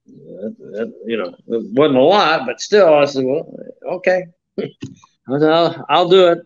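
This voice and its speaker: An older man, a retired pro wrestler appearing as an interview guest, tells stories in a shoot interview with a folksy, rambling style, lots of fillers, and acted-out voices of other people. His voice is fairly high and gravelly, with lively intonation and a measured pace. The audio sounds dull.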